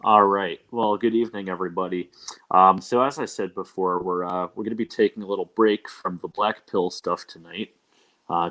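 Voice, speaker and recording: A young man hosting a casual livestream podcast, talking in a loose, rambling way with many ums and uhs. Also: deep voice. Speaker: podcast host.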